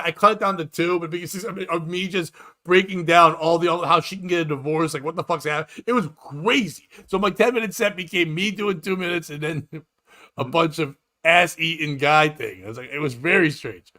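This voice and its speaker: A man telling a rambling comedy-club story with a bright, forceful edge to his voice. His pitch sits a little high for a man. He jumps into quoted voices as he goes. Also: fairly quick. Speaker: comedian and podcast host. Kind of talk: casual storytelling chat.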